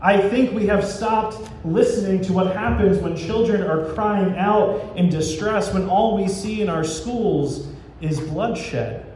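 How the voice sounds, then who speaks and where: A man's voice: sits high, takes it slowly, darkish tone. A man preaching a sermon as pastor, telling stories and acting out voices of God and the people. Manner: storytelling, acting out dialogue between God and people. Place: church. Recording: echoey church sanctuary with faint ambient noise.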